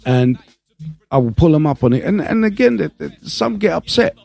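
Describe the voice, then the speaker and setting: Mellow-voiced man chatting. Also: a little high, very animated, moderate pace, vocal fry, no echo, soft background music. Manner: keeps saying "you know", teasing banter. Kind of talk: casual chat.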